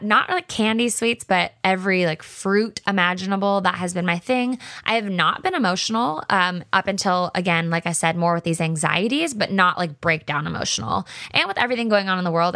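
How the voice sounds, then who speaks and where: A woman's voice: fairly low pitch, pushed and bright, no echo, clean studio sound. A young pregnant woman talking casually and openly to her viewers from her home office, with many fillers and restarts. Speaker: pregnant vlogger. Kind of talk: casual solo talk to viewers.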